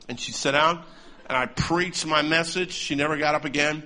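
Bright-voiced animated male preacher. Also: on the high side, brisk. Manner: animated, laughing often. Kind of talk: humorous storytelling sermon.

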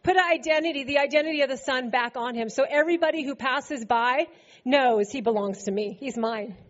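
A woman's voice: sits high, a little fast, dull audio. A woman preaching a sermon to a congregation, playful and laughing often as she acts out scripture quotes. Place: church service before a congregation.

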